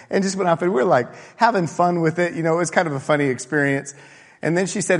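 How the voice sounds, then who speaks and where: Male preacher from texas, chatty storytelling sermon, slightly high voice, long church reverb. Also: fast talker. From Austin, Texas. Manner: animated, conversational. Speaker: minister.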